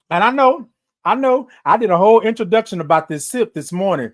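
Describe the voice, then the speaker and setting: Drawn-out greetings to commenters by name mark this lively, high-voiced man's motivational livestream. Between them, he adds playful asides in a sing-song voice.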